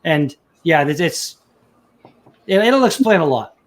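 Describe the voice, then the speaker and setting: A Canadian man in casual live-stream chat, his voice sitting a little high. He rambles and restarts, leaning on fillers as he explains things. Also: big pitch swings, a little slow. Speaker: chat participant.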